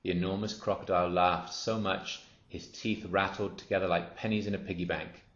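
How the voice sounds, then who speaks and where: A man narrating a children's story aloud in a steady, expressive reading voice. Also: sits low, brisk. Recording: roomy, dull lo-fi.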